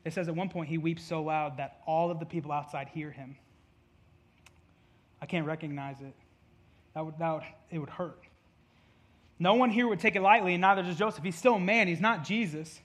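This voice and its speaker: Bright high-voiced casual preacher man. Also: normal speed, pauses often. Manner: chatty, jokey asides, acts out quotes. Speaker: pastor. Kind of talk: casual conversational sermon.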